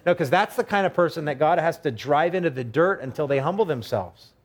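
A middle-aged man preaching a sermon in a relaxed, conversational way, acting out short quoted voices along the way. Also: a little high, a little fast. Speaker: pastor.

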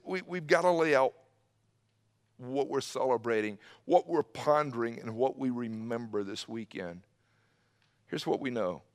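Male pastor, mid-range voice, dramatic sermon delivery with sudden drops to a hush. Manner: dramatic, swings between loud emphasis and hushed low tones. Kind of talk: Easter sermon. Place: church service streamed online.

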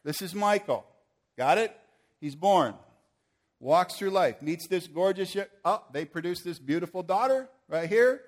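A man's voice: high-pitched, lively intonation, a little slow. Fiery, joking preacher man. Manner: rises to forceful proclamations, then playful and joking with volunteers. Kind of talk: sermon with live audience demonstration.

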